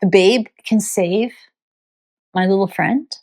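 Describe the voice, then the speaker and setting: A woman's voice: medium pitch, slow, darkish tone. A woman retelling a pleading little drummer boy.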